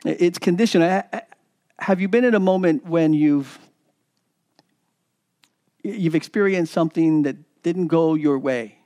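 High-voiced man preaching a sermon. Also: a little slow, pauses often, mellow. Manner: preaching with repetitions, acting out quoted voices. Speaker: pastor.

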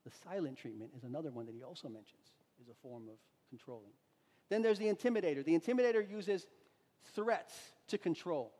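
A man preaching a sermon, animated, acting out little dialogues as he goes. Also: on the high side, quick pace. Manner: animated, acts out quoted dialogue. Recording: long hall reverb.

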